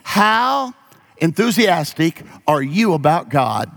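A man's voice: a little high, sing-song, takes it slowly, gravelly, a bit bright. A pastor preaching a sermon, moving from folksy stories to emphatic calls to his congregation.

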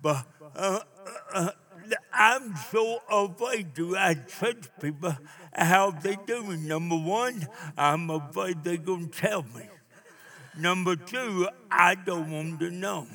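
An older man preaching a sermon, emphatic, with call-and-response and drawn-out phrases. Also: sits high, sharp tone.

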